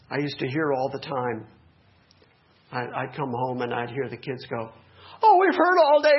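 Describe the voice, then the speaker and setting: A middle-aged male pastor preaching a sermon, animated, with joking asides to the congregation. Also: sits high. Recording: dull lo-fi recording.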